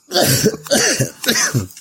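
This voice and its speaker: A sick man with a hoarse, raspy voice, self-mocking and crude, co-hosting a casual comedy podcast. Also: very high-pitched, wildly swooping pitch, drawn-out words, bright, forceful tone, slight background noise. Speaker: podcast co-host.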